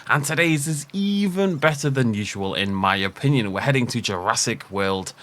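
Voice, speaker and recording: A man giving a casual, upbeat commentary on a video game park tour, chatty and quick to laugh at his own jokes. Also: mid-range voice, expressive, fairly bright tone.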